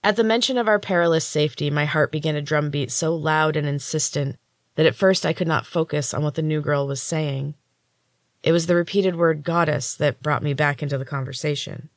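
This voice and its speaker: On a storytelling podcast, a woman with a low-sitting voice reads a first-person novel in measured, expressive narration. There's no echo in the recording.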